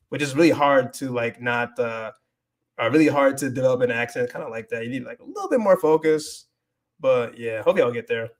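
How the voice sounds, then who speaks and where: A man hosting a casual livestream, rambling with many restarts, switching between English and Spanish and reading viewer comments aloud. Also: mid-range voice. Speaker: livestream host.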